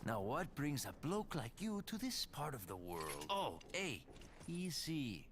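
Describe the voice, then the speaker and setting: Joking Spanish ex-cop. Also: male voice, mid-range voice, very animated, a little slow, a bit bright, slight background noise. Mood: teasing. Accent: put-on Spanish. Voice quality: playful, teasing. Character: flirtatious male Spanish ex-cop, joking and sly.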